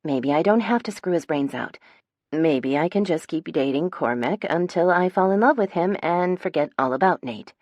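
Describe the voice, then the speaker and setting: Low-voiced woman narrating a romance. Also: normal speed, no echo, muffled recording. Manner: lively, voicing bantering friends with raised pitch. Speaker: audiobook narrator. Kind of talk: first-person romance narration with character voices.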